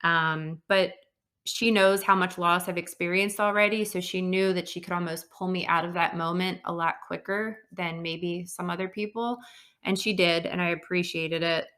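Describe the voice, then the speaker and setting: An earnest woman hosts her own podcast in a personal storytelling monologue. Her voice sits a little low but sounds bright and forceful. She pauses often with soft fillers as she reflects. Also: fairly even intonation. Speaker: podcast host.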